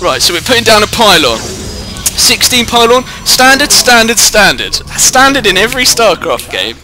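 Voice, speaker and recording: His pitch swings widely, and his high voice sounds pushed and bright at a moderate pace. This young British teen commentates live on a strategy game over a headset mic, rambling and joking at his own expense, indoors at home somewhere other than his usual recording place.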